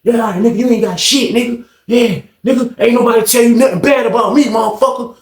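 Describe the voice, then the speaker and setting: A man voicing a loud, defensive young male inmate who swears and repeats himself. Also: very high-pitched, fast, reverberant, recorded from a distance, voice pushed up. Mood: defiant.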